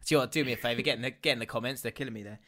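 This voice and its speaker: Man, podcast host, casual banter, loud laughs, swearing, middle-pitched voice. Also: rapid-fire.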